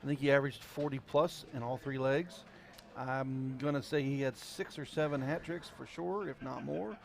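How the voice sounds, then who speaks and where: A man with an Ozark accent calling a darts match live, folksy, chatty and excitable. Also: mid-range voice, moderate pace, creaky. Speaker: darts commentator. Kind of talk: live play-by-play commentary. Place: darts venue. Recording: crowd chatter behind.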